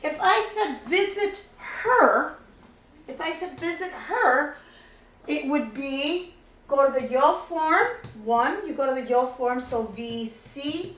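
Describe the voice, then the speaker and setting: A woman's voice: high-pitched, animated, takes it slowly, a bit bright, echoey room, rough recording. A woman teaching a Spanish grammar lesson, patiently walking through each step and repeating key points.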